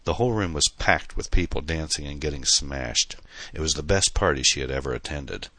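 A man's voice: very deep voice, expressive, fairly quick, sharp tone, no room sound. A man reading a novel aloud in dramatic, tense scripted narration. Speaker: audiobook narrator.

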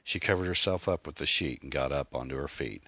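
A man reading a mystery novel aloud in a measured, dramatic narration. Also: rumbling low, bright, forceful tone, no room sound. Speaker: audiobook narrator. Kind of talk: scripted narration.

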